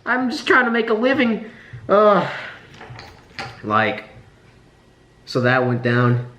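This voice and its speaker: A man's voice: sits high, sing-song, slow pace, pushed and bright, slight background noise. Sarcastic, profane teen guy ranting. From Nebraska, USA. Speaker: vlogger. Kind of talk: casual vlog rant. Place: indoor room by a window. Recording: roomy, echoey room.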